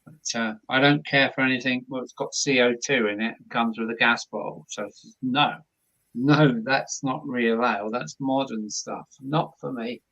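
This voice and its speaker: A man's voice: mid-range voice, steady tone, normal speed, pushed and bright, highs cut off. A man from Dover with a Kent accent, chatting casually on a live stream while he paints, rambling and chuckling with plenty of fillers. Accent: Kent English. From Dover, Kent, England.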